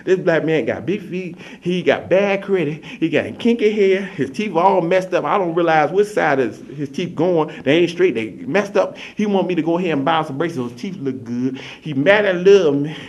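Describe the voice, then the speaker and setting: A man's voice: on the high side, expressive, a little fast, few pauses, lightly acted. A man voicing a young woman in love, who pleads with her rich father in a doting, rambling way. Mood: pleading.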